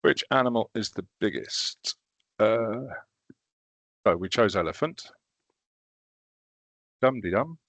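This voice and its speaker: A man leading a recorded training session, walking through teaching software step by step in a casual, self-deprecating way. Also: fairly low pitch, expressive, slow, long pauses, dry recording.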